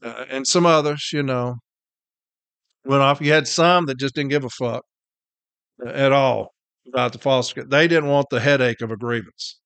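A man's voice: medium pitch, fairly even intonation, moderate pace, gravelly, a bit bright, clear, resonant tone, no echo. A man, a podcast host and union representative, ranting casually in a blunt, heated and profane way, tired and irritated, hammering his points home by repeating them.

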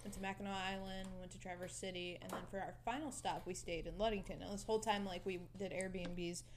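A young woman in her twenties telling a lively story in casual chat, swearing freely and quoting her friend. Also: mid-range voice, fairly quick, noisy background. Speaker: guest storyteller.

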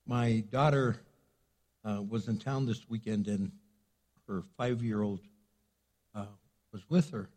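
A man's voice: on the low side, fairly even intonation, takes it slowly, pauses often, a little mellow. An older man preaching a sermon as pastor in a church sanctuary, talking conversationally with frequent fillers.

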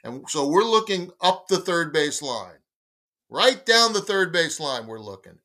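A man's voice: on the high side, measured pace. A man in his sixties, a guest on a talk show, telling a long anecdote and acting out the dialogue of the people in it. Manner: lively storyteller acting out dialogue. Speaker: guest, baseball magazine editor. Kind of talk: storytelling anecdote in conversation.

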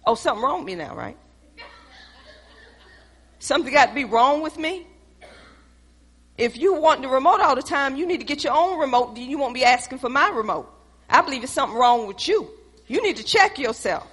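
A woman voicing a sassy, quarrelsome wife who talks loud and accusing. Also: sits high, animated, fairly quick, pauses often, slightly rough, long reverb tail, heavily acted.

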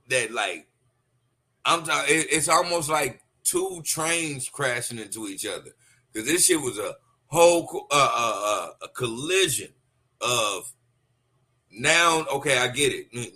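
A man co-hosting a podcast, chatting casually with profanity and animated storytelling full of stumbles and restarts. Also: medium pitch. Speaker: podcast co-host. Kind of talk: casual chat.

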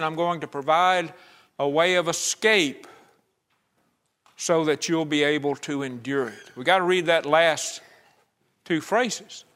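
A man's voice: high voice, fairly bright tone. A man preaching a conversational sermon at a church service, acting out the voices he quotes.

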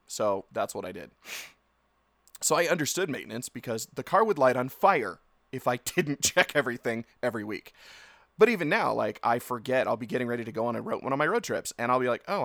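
A man's voice: mid-range voice, fairly bright tone, no echo. A man in his thirties hosting a solo podcast, ranting bluntly and swearing casually. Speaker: podcast host.

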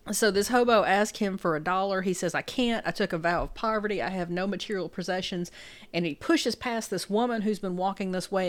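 A woman co-hosting a podcast, casually recapping a movie scene by scene and laughing often. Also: mid-range voice. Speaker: podcast co-host.

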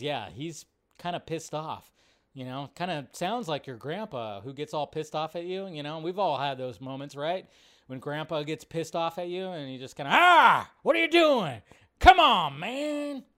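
A man hosting a live show in casual commentary, rambling between low mumbles and loud excited outbursts. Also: smooth. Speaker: show host.

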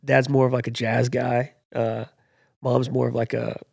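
A man's voice: mid-range voice, level tone, unhurried, gravelly, a little mellow, slightly rough, no room sound, clean studio sound. A young man hosting a podcast in casual chat, rambling with lots of fillers and jokes. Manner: rambling, filler-heavy, joking. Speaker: podcast host.

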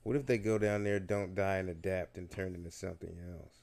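Male co-host, low gravelly voice, brief dry interjections in casual banter. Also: fairly even intonation, fairly quick, a little mellow.

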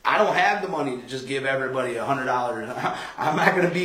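A man pastor giving a conversational Bible study sermon, telling stories with animated quoted voices. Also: medium pitch, fast talker, hardly any pauses. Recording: echoey room.

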